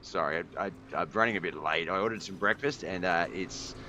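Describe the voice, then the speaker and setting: A man with a fairly low voice hosts a sim racing stream through a headset and keeps losing his place, muttering and saying sorry. He has the hiccups. A clear, steady noise runs under his voice. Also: a little fast, dull audio. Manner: scattered, apologetic, thinking aloud. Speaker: race commentator and stream host. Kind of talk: live sim racing broadcast commentary.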